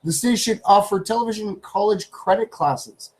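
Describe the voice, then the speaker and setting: A man's voice: sits high, moderate pace, rough recording. Chatty Canadian man hosting a live stream. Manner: chatty, repeats phrases, talks to his pets. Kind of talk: casual live-stream chat. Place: home studio.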